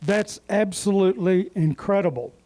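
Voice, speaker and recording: A man's voice: sits high, normal speed, warm tone, natural voice. A man voicing a polite, inquisitive woman who asks a stranger questions. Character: polite curious woman on a trip.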